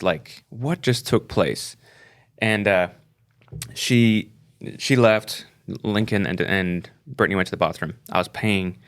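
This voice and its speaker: A man's voice: lowish voice, a bit bright. A middle-aged man telling a story in casual talk on a podcast, acting out the people he quotes. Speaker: podcast co-host.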